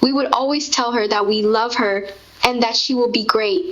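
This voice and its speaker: A woman's voice: a little high, fairly even intonation, normal speed, a bit bright. A woman speaking as a grieving mother in a tender, heartfelt conversation. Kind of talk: intimate spoken conversation. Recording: dull lo-fi recording.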